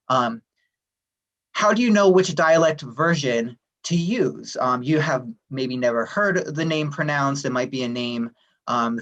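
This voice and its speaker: A man presenting at a staff workshop, explaining at a steady, friendly pace with frequent "um" fillers. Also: mid-range voice, dull audio. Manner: friendly, even, many "um" fillers. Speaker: workshop presenter, administrative assistant. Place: online workshop session.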